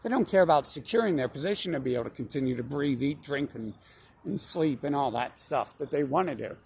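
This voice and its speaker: A man's voice: medium pitch, expressive, brisk, vocal fry, darkish tone, a little hiss or hum. A young man talking in a long, rambling monologue, full of fillers, restarts and swearing. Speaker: channel host.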